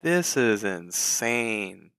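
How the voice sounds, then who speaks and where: A young man commenting on his trading during a live stream, frustrated and swearing in drawn-out outbursts. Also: fairly low pitch, big pitch swings, a bit bright, smooth, no echo, poor audio. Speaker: livestreaming futures trader.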